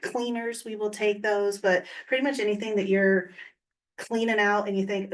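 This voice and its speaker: Midwestern American woman, mid-pitch, casual explainer, off-mic in a meeting room. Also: steady tone, moderate pace, distant mic. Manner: casual, explanatory, frequent ums. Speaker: county waste program staff. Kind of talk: public meeting report. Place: county government meeting room.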